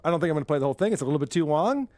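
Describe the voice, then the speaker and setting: A man's voice: on the high side, very fast, no room sound. A man hosting a podcast, chatting casually and laughing often. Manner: excitable, laughing, swearing. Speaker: podcast host. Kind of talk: casual chat.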